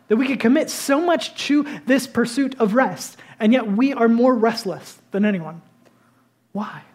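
A man preaching a sermon, conversational and animated, often dropping to a hush for emphasis. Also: sits high, breathy edge. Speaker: pastor.

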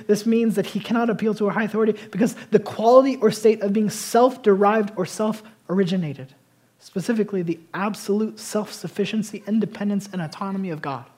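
A high-voiced man preaches a sermon as a pastor. He alternates between loud, emphatic proclamations and softer, conversational remarks.

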